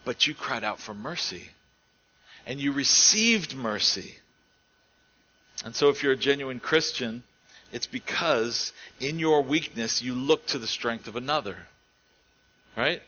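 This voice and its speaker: A man preaching a sermon in an earnest way, rising to emphatic stretches and dropping to quiet ones. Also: mid-range voice, lo-fi sound.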